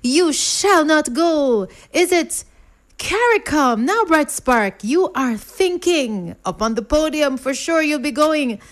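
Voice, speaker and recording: High-voiced woman hosting a quiz. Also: lively intonation, slow. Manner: playful, rhymes while reading answers. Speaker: radio quiz host. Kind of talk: lively radio quiz hosting, rhyming banter.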